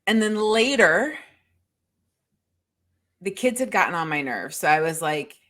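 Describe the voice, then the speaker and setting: A woman's voice: on the low side, lively intonation, measured pace, a bit bright. A middle-aged woman co-hosting a podcast, telling stories in a profane, exasperated casual chat. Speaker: podcast co-host.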